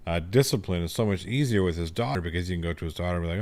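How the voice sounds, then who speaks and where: A man co-hosting a podcast, telling stories in a relaxed, easygoing way. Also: low voice, fast talker, few pauses. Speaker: podcast co-host. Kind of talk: casual podcast chat.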